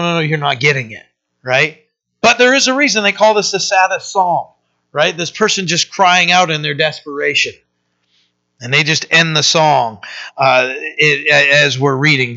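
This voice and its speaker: A man's voice: a little high, gravelly, pushed and bright, highs cut off. A man preaching a sermon as pastor, earnest and plain-spoken, often restarting with fillers.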